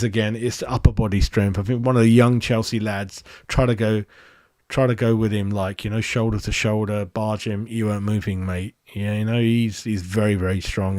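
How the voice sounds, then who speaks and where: A man hosting a live fan reaction chat, excitable and matey, greeting viewers by name. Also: lowish voice, no room sound, clean studio sound. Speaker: fan channel host.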